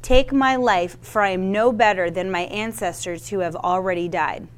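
A woman's voice: mid-range voice, moderate pace. A woman giving a sermon, reading a Bible passage aloud with casual asides and stumbles over names. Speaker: Bible teacher.

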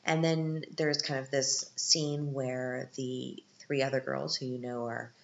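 A woman's voice: rumbling low, level tone, slow pace, creaky. A woman hosting a podcast, recapping a film in a casual, chatty way with joking asides. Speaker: podcast host. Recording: roomy, dull lo-fi sound.

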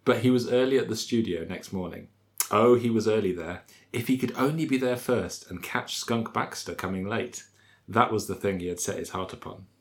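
A man with a somewhat low voice reads aloud and chats in an easy, wry way. He talks slowly, with dry humour and a chuckle never far off. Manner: dry, slow and wry, often laughing. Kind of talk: casual chat and comic reading aloud.

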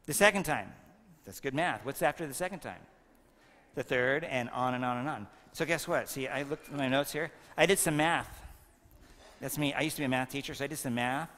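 A man's voice: medium pitch, brisk, fairly bright tone. A priest in his fifties giving a playful homily at a First Communion, quizzing the children with jokes. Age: 50s. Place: church. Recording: long reverb of a church.

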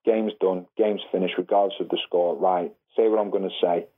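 Animated ex-footballer on a phone-like line. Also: male voice, fairly quick, breathy edge. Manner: animated, acts out quotes with rising pitch. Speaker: former footballer, podcast guest. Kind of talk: anecdotal storytelling. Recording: phone-line quality audio.

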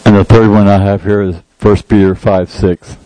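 A man's voice: on the low side, little pitch movement, normal speed, warm tone, a little hiss or hum, poor audio. A man giving an informal, folksy sermon, joking about himself and reading scripture aloud. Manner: folksy, jokey, laughs at himself, quotes scripture. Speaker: lay preacher.

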